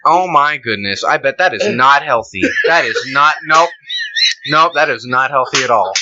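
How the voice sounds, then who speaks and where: A man's voice: mid-range voice, expressive, moderate pace, noisy background, close to an everyday voice. A man playing a prim, scandalized white American man who exclaims in outrage. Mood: appalled. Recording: lo-fi podcast recording.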